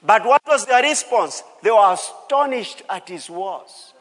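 A male pastor delivers a sermon with a notably high voice, leaning hard on key words and repeating them for the congregation. His voice rings out with the long reverb of a church hall. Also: animated, measured pace, fairly bright tone. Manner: emphatic, repeats key phrases, calls out to the congregation.

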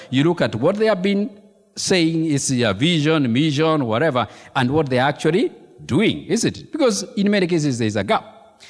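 A man preaching a sermon as pastor, animated and emphatic, repeating key phrases and throwing questions to the congregation. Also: mid-range voice. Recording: long reverb of a large hall.

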